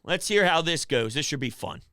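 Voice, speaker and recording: A man hosting a call-in sports talk show from his home office, venting in a dejected, low-key way. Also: expressive, normal speed, fairly bright tone, no room sound, studio quality.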